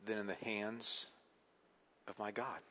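A male pastor preaching a sermon, swinging from hushed reflection to emphatic, rising delivery. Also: on the low side, little pitch movement, slow, a little hiss or hum. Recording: long hall reverb.

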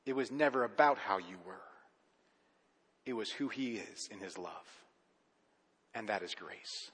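A man preaching a sermon as pastor, swinging between hushed stretches and loud, emphatic declarations. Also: lowish voice, lively intonation, unhurried, long pauses, slightly rough. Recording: long reverb of a large hall.

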